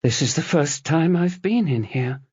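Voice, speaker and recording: A man's voice: a little high, animated, measured pace, darkish tone, breathy edge, no echo, dull audio, pitched above the performer's own voice, heavily acted. A man voicing a grieving middle-aged mother in an audiobook, tearful and shaky.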